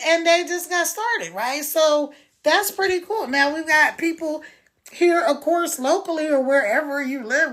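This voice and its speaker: An American woman talking casually to viewers on a live stream, chatty and persuasive as she pitches her online business program into a phone. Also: fairly bright tone. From United States.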